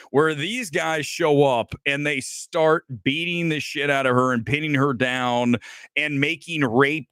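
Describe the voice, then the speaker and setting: A man's voice: medium pitch, fairly bright tone, dry recording, studio quality. A man hosting a livestreamed movie review, ranting angrily and swearing a lot as he tears into a film. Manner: angry, profane and exasperated. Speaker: film reviewer and show host.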